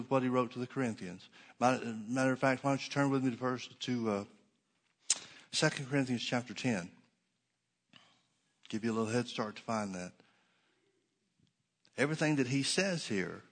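Emphatic man preaching a sermon. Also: mid-range voice. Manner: emphatic, sarcastic preaching with slow stressed repetitions. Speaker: pastor.

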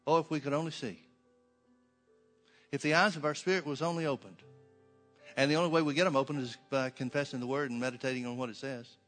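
A man's voice: mid-range voice, fairly even intonation, fast, long pauses, a bit bright, big-room sound, faint music behind. A man preaching a sermon in an emphatic, rhythmic cadence, leading a congregation.

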